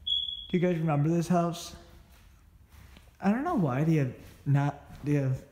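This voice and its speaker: A man's voice: a little high, animated, a little slow, darkish tone, roomy sound. Breathless man exploring an abandoned house. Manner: rambling, corrects himself often. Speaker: urban explorer vlogger. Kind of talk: casual walkthrough narration. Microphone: phone held while filming.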